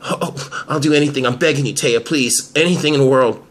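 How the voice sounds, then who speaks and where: A man's voice: mid-range voice, a little fast, close to an everyday voice. A man voicing a panicky young man in an amateur soap drama who stammers and pleads. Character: panicky young man, a cornered liar, begging.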